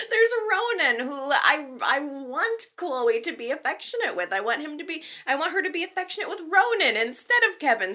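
Animated, gushing woman recapping soaps. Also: sits high. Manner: gushing, excitable fan with frequent fillers. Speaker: soap opera recap host. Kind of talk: casual recap commentary.

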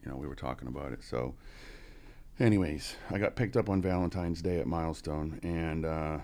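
A man's voice: a bass voice, normal speed, creaky, dark tone. A man in his forties, a podcast guest, telling his story in a casual, profane way, full of "you know" and chuckles. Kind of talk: candid storytelling.

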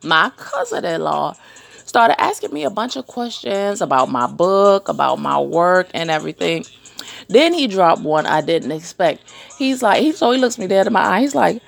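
A woman hosting a podcast, telling funny weekend stories in a casual, animated way and acting out the other people in them. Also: on the low side, normal speed, creaky. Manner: animated storytelling, laughs often, acts out voices. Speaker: podcast host. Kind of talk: casual chat.

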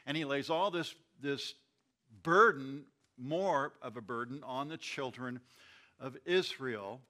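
A man's voice: medium pitch, moderate pace, sharp tone. A man who is a pastor leading a Bible study, often repeating words and restarting phrases as he explains.

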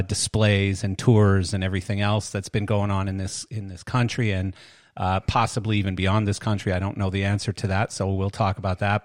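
With a voice on the low side, this older podcast host from Canada keeps the conversation chatty and meandering, often poking fun at himself. The audio is studio quality with no room sound.

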